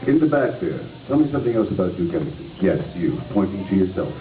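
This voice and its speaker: A man reading picture books aloud to schoolchildren in a school hall, playful and lively, asking them questions. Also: sits low, quick pace. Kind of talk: reading aloud and talking with children. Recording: tinny distant echoey hall recording with noise.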